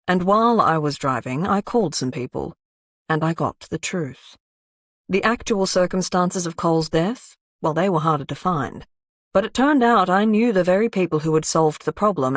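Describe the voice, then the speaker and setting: A woman narrating a crime thriller audiobook in a steady, even reading style. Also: lowish voice, no room sound.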